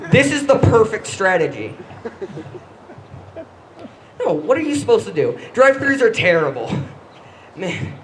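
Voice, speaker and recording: A young man performing a stand-up comedy set, halting and self-deprecating, often stumbling and restarting his lines. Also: high voice, slight background noise, rough recording.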